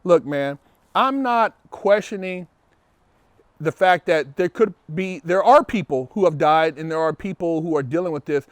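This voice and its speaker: A man's voice: a little high, expressive, normal speed, dry recording. A man hosting a show, answering viewer comments in an emphatic, opinionated monologue, repeating words when fired up. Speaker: show host. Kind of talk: casual monologue responding to comments.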